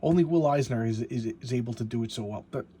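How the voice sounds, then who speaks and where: A man reviewing a comic book in casual talk, halting and repeating words as he enthusiastically walks through the story. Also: medium pitch, warm tone, a little hiss or hum.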